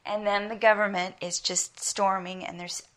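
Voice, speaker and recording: A woman's voice: medium pitch, little pitch movement, normal speed, a bit bright. Middle-aged woman w/ an american accent preaching, earnest and emphatic, telling stories. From South Africa. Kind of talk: sermon with personal stories.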